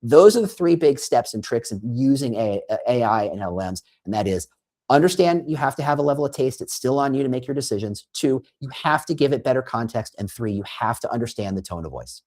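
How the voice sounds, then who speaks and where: A man guest on a podcast, explaining in an animated conversational way and acting out quoted prompts and reactions. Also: medium pitch, a little fast. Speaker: guest, recruiting consultant.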